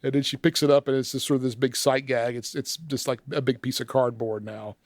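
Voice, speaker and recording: A man's voice: medium pitch, steady tone, brisk, no echo, clean studio sound. Laughing man recapping a film. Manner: laughs often while recounting scenes. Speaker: film discussion podcast member. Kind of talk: casual chat recapping a film from notes.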